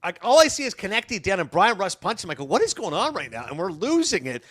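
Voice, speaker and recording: A middle-aged man, a sports broadcaster guesting on a podcast, telling animated stories and acting out the dialogue. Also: high-pitched, quick pace, husky. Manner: animated, acts out dialogue in his anecdotes. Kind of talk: podcast storytelling.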